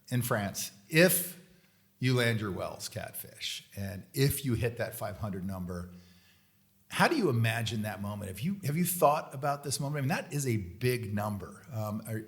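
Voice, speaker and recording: A man hosting a podcast, a relaxed, joking interviewer chatting casually. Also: medium pitch. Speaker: podcast host.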